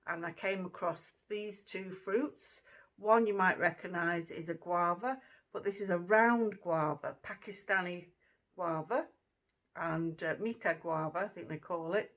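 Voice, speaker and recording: A woman's voice: on the low side, a little slow, a bit bright, low-quality recording. A woman hosting her own channel, chatting casually through a fruit taste test at home, with plenty of fillers. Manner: chatty, conversational, many fillers. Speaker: channel host.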